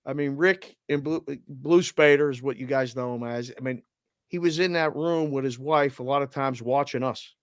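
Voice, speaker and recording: Male podcast co-host, mid-pitched and heartfelt, dry close-miked studio sound. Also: smooth, dry recording. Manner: earnest, heartfelt, reads listener messages aloud. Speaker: sports betting podcast co-host. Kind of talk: casual podcast chat.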